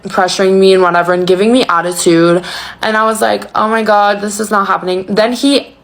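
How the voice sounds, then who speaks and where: A woman's voice: medium pitch, steady tone, fairly quick. Young woman telling a story, loads of "like". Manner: chatty, swears freely, heavy use of "like"; anxious, breathless retelling. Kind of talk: casual storytelling.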